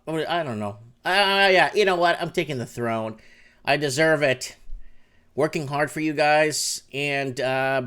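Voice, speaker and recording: A man hosting a live call-in show from his home, talking in an animated rant that swings between low mutters and loud outbursts. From Canada. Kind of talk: excited casual live-stream rant. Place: home room with window open.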